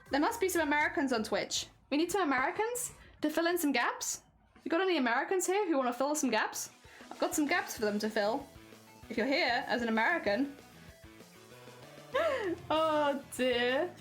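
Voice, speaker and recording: A woman's voice: high-pitched, expressive, brisk, fairly bright tone, faint music behind. A British woman chatting casually on a live stream, playful and giggly as she reads and answers chat. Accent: British English. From Britain.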